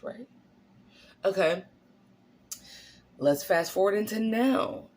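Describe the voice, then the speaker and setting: A casual, unscripted monologue from a vlogger with a mid-pitched voice. The delivery is blunt and profane, and points are hammered home with rhetorical questions and frequent "right?" and "okay?" tags. A faint hiss of noise sits under the voice. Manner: animated, often tagging lines with "right?" and "okay?". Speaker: vlogger on narcissistic abuse.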